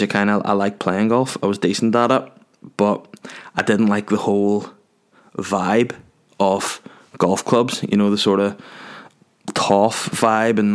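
A young man rambling through a crude, self-deprecating comic story. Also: on the low side.

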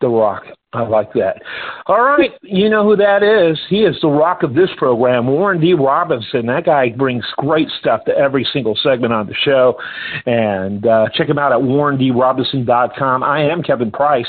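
A man hosting a radio talk show, telling stories in an animated way with plenty of fillers. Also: medium pitch, normal speed. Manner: animated storytelling, talks through fillers. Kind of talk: casual on-air chat. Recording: phone-like radio audio.

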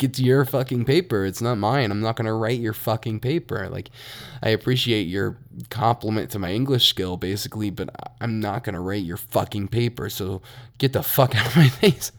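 Profane, laughing young man ranting. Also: medium pitch. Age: young adult. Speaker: podcast host. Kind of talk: solo podcast rant.

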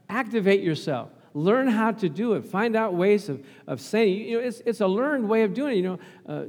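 A man's voice: high-pitched, a little mellow, big-room sound. A middle-aged male pastor preaching a sermon, telling a family story and calling out for amens. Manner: storytelling, acts out quoted voices, calls for amens.

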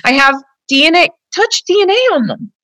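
A woman's voice: very high voice, very animated, normal speed, fairly bright tone, no echo. A woman speaking as an interview guest, telling a personal account earnestly and at length, with many fillers, her voice turning tearful and strained when upset.

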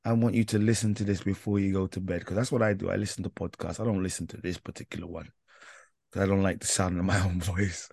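A tired man co-hosts a chatty podcast, teasing himself and his partner with a dry, close sound. His voice sits on the low side. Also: little pitch movement, quick pace, gravelly, darkish tone, slightly rough, no echo. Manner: joking, self-mocking, tired. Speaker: podcast co-host. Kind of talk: casual chat.

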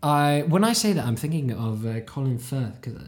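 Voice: mid-range voice, expressive, moderate pace, a little mellow. A British-accented podcast host, talking loosely and chattily on their own. The talk wanders from tangent to tangent, full of self-mocking asides and offhand swearing. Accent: British English. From United Kingdom. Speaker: podcast host, language learner. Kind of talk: casual rambling monologue.

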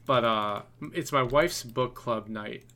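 A man's voice: mid-range voice, slow pace, bright, forceful tone. A man co-hosting a podcast, telling a long story in a casual, rambling way, full of fillers and restarts. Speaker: podcast co-host.

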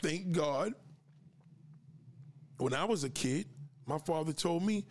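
A man's voice: on the high side, expressive, slow pace, pauses often. Fired-up, cursing man on a podcast. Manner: confrontational, profane, lecturing; asks listeners to push back. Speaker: podcast host. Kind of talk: livestream podcast rant.

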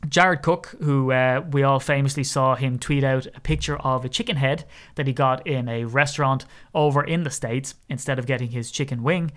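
Irish guy rambling about his football team on a podcast, smooth clear voice, jokey asides. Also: mid-range voice, moderate pace. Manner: chatty, wry asides, mock shouting. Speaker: podcast host. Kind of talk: casual sports podcast commentary.

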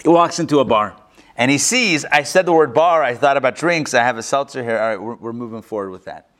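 A man who is a rabbi, teaching a live class and telling jokes with lively, animated voices for the characters. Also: a little fast. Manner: animated storyteller, acts out joke characters with big pitch swings. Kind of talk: live lecture with joke-telling. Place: synagogue classroom, recorded live before an audience.

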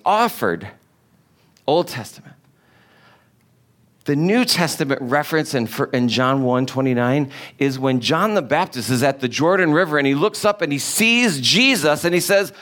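Guy preaching, fired up, keeps asking the crowd questions, voice sits a bit high. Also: moderate pace. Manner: animated, emphatic rhetorical questions. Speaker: pastor. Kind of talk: sermon.

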